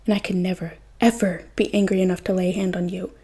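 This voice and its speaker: A steady, gentle adoptive father who answers anger with calm reassurance. A woman reading a podfic voices him in a soft, breathy, mellow tone. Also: lowish voice, quick pace. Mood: earnest.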